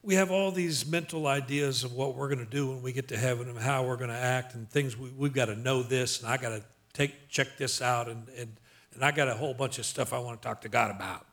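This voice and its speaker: A male pastor preaching a sermon, slowing down to read scripture dramatically and calling on the congregation to repeat after him. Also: mid-range voice, fairly bright tone. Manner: emphatic preaching, calls on the congregation to repeat lines; slows for dramatic scripture reading.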